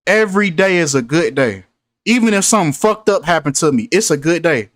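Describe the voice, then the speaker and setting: A man talking to his viewers in a casual commentary, preachy and repetitive as he drives his points home. His voice sits a little high. The sound is close and dry. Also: lively intonation, brisk, dry recording. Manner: preachy, repeats himself for emphasis. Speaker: host.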